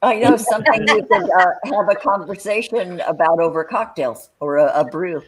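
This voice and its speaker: An older American woman hosts a casual talk show. She rambles and hesitates, filling her sentences with fillers. Her voice sits at a middling pitch. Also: moderate pace, a loud crowd, rough recording. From United States. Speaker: host. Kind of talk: casual chat.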